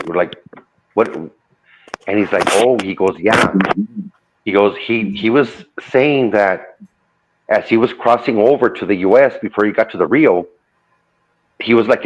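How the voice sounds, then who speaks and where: Low-voiced man telling a spooky story. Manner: loose retelling full of "I go" and "he goes". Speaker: guest telling a true ghost story. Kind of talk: casual spoken storytelling. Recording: dull lo-fi audio.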